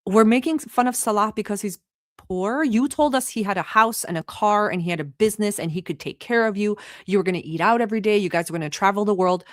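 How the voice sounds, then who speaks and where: A woman's voice: mid-range voice, fast talker, no room sound. Brief: woman from the Middle East, livestream commentator, sarcastic and profane, dry close sound. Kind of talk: heated reaction commentary.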